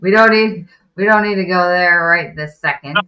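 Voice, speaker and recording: A woman's voice: fairly low pitch, normal speed, bright, forceful tone, clean tone, lo-fi sound. A woman hosting a casual interview, adding brief, light interjections.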